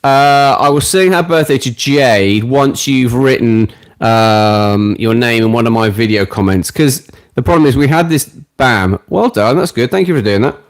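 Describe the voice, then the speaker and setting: A man's voice: mid-range voice, normal speed. A British man in his late forties, hosting a ukulele live stream in a chatty, self-deprecating, joking way. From Britain. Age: late 40s. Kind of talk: casual live-stream chat. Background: ukulele playing.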